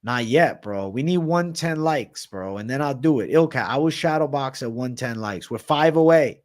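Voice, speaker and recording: A man's voice: medium pitch, lively intonation, moderate pace. Slangy man chatting on a livestream. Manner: profane, slangy, reads and answers chat comments. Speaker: livestream host answering chat. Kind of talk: casual livestream chat.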